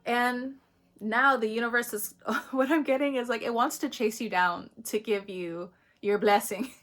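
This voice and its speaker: A woman's voice: on the high side, fairly even intonation, measured pace, a bit bright. A woman giving a casual spiritual astrology reading to the camera, chatty, swearing freely and laughing often between phrases. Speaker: astrology reader.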